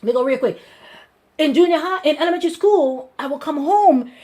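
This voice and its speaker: A Guyanese woman pastor telling her life story in an animated way, with lots of repetition and restarts. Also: sits high, fairly quick. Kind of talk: personal testimony to a congregation.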